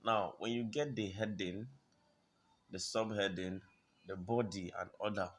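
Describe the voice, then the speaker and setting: A man with a lowish voice walks through design principles in a tutorial. He talks haltingly, restarting phrases and clearing his throat, and keeps asking whether you understand. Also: steady tone. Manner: halting, repeats words, clears throat often. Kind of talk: screen-recorded tutorial explanation.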